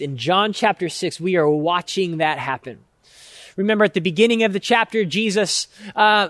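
A high-pitched male pastor delivers a sermon, earnest and emphatic. He stretches out key words and builds his points through repetition. The sound is dry and close, with no room echo. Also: a bit bright.

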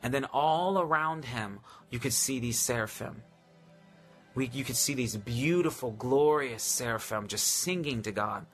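A man of middle pitch leads a live-streamed sermon, reading scripture slowly and reverently. He repeats phrases and rises with feeling on the key words. Quiet music plays underneath. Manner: fervent, drawn-out and reverent, often repeating phrases. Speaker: preacher.

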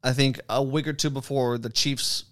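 A young man hosting a podcast, talking in a casual, rambling, profane way and telling animated stories. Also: medium pitch, moderate pace. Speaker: podcast host. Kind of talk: casual chat.

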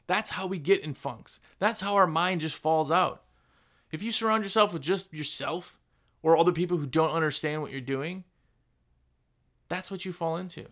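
A man's voice: a little high, fairly bright tone. A man hosting a podcast, giving a casual motivational talk and acting out other people's voices. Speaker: podcast host.

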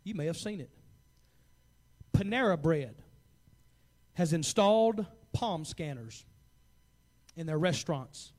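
Man in his forties, pastor, high voice, fervent sermon, hushed then loud. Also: lively intonation, slow, pauses often. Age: 40s.

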